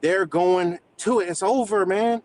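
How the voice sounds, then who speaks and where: A man's voice: high-pitched, measured pace, low-quality recording. A man hosting a livestream, delivering a heated, profanity-filled rant in streetwise slang. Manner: heated, swearing, streetwise slang, laughs between points. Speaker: livestream host.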